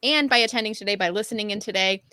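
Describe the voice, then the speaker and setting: A woman's voice: mid-range voice, rapid-fire, bright, forceful tone, clear, resonant tone, no room sound. A woman guest on a video-call livestream, giving upbeat, encouraging motivational career coaching and leading the audience in repeating lines.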